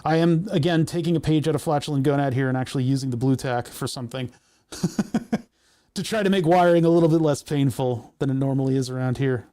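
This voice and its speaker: Here a man with a mid-range, mellow voice talks quickly on a live stream as he assembles electronics. It's casual, jokey, rambling chatter, thinking out loud through every technical step.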